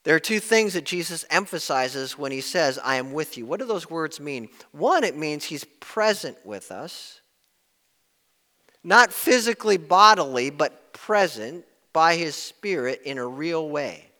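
A man preaching a sermon in an earnest way, rising to loud emphasis and dropping to hushed tones when quoting. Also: on the high side, lively intonation, unhurried, in a large hall. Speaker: pastor.

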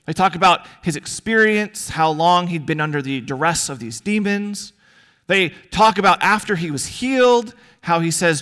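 A man preaching a sermon as pastor, earnest, with rhetorical questions and dramatic pauses. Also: high voice, animated, fairly bright tone.

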